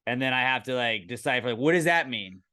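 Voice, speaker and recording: A male podcast co-host talks in loose, casual chat. He rambles and leans on filler words as he goes. His voice is smooth and resonant, at an ordinary pitch. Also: expressive, fast, pushed and bright.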